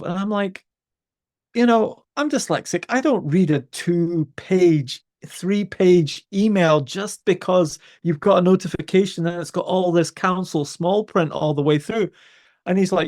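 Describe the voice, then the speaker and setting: A man, a podcast host telling a story with exasperated, animated energy. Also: sits high, unhurried. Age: 50s. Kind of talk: conversational storytelling.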